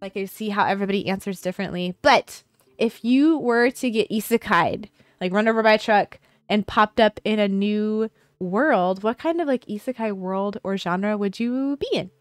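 A woman's voice: mid-range voice, normal speed, clean tone, no echo. A young woman hosting a casual streamed interview, bubbly and giggly, often exclaiming with delight. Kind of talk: casual chat. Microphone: home streaming microphone.

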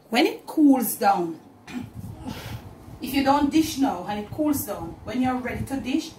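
A woman's voice: mid-range voice, darkish tone, echoey room, a little hiss or hum. A woman with a Jamaican accent hosting a home cooking demonstration, talking chattily straight to the camera and mixing in Patois. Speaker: cooking channel host. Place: home kitchen.

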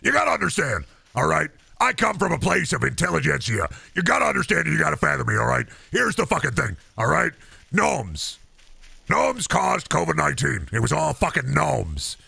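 A man doing an impression of a ranting conspiracy-show host who pitches supplements. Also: gravelly, bright, forceful tone, breathy edge, no room sound, heavily acted. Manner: bombastic, rambling, salesman pitch.

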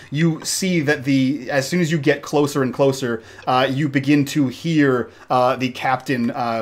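Man improvising as game master. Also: mid-range voice. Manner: loose, improvised descriptive narration. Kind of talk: narrating a tabletop game live play.

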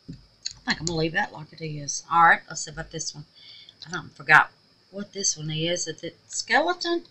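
A woman with a drawl talks slowly and brightly as she shows off her resin crafts. She calls her viewers babies and y'all and keeps slipping into quiet muttered asides. Her voice sits a little low. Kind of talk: casual crafting vlog.

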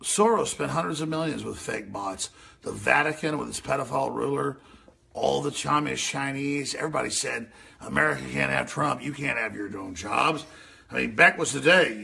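A man hosting a radio show, ranting over news clips, excitable and yelling, with mocking impressions. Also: mid-range voice, moderate pace. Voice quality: gravelly, raspy.

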